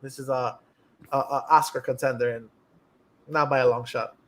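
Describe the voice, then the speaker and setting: A man's voice: medium pitch, fairly even intonation, moderate pace, fairly bright tone, slight background noise. A man, co-hosting a podcast in casual, blunt, profane movie chat that switches between English and Spanish. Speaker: podcast co-host.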